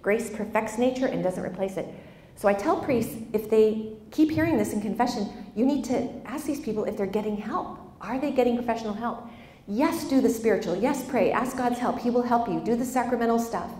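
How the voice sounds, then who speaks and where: Nun, woman, lively conference speaker, slightly high voice, roomy hall sound. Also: fairly quick. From Boston. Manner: animated, asks the audience "right?" often, acts out quotes. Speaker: religious sister speaking at a conference. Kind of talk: conference talk. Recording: echoey hall.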